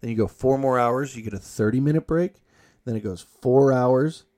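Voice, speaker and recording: A male podcast host talks casually and rambles with plenty of swearing. His voice sits at an ordinary middle pitch. He jumps between storytelling and reading articles aloud, tossing in quick asides. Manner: profane, rambling, animated when quoting himself.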